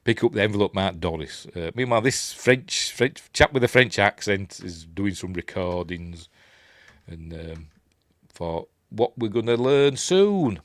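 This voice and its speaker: A rambling Yorkshire man talks through a film in a casual review. His voice sits fairly low but swings widely up and down as he slips into the characters' lines. The sound is close and dry. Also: animated, a little slow, a bit bright, dry recording. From Yorkshire, England. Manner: rambling and chatty, chuckling, acting out quoted lines in raised voices.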